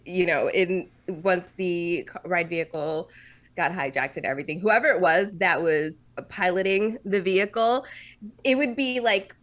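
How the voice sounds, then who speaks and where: A woman co-hosts a podcast, chatting casually with lots of filler words and frequent laughter. Her voice sits on the low side and moves at a normal speed. The recording quality is low.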